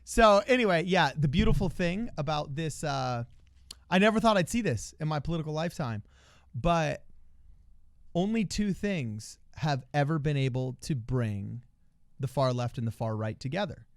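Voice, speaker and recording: Smooth-voiced, laid-back male co-host. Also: on the high side, lively intonation, moderate pace, dry recording, studio quality. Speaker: podcast co-host. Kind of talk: casual political chat.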